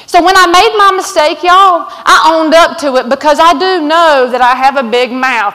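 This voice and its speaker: Outspoken Southern woman keynote speaker, high-pitched, with long stage reverb. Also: fairly bright tone. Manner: blunt, outspoken, folksy. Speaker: conference speaker. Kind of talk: fiery motivational keynote. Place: large conference hall.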